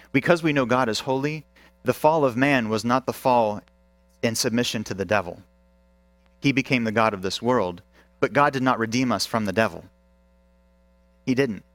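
A man's voice: medium pitch, fairly bright tone, no echo. A male pastor preaching a sermon with emphasis, asking the congregation questions.

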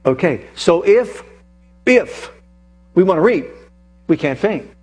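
A male preacher giving an animated sermon, telling a personal story and reading scripture aloud with emphasis. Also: high-pitched, normal speed, slightly rough.

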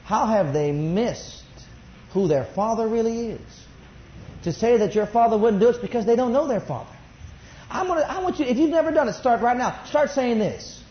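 A middle-aged man preaching a sermon, swinging between soft asides and rising exclamations. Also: extremely high pitch, expressive, moderate pace. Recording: dull roomy recording.

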